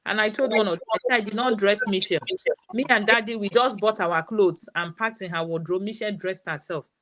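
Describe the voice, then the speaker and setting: A woman's voice: medium pitch, fairly even intonation, a little fast, a bit bright. A woman in her thirties with a Nigerian English accent, telling a story as a parent guest in a live session and quoting her daughter's words.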